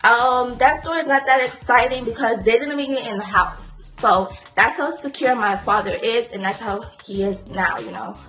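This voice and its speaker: A teenage girl telling a storytime vlog in a chatty, animated way, with indignant asides. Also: fairly high pitch, moderate pace, few pauses, faint music behind. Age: teens. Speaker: vlogger.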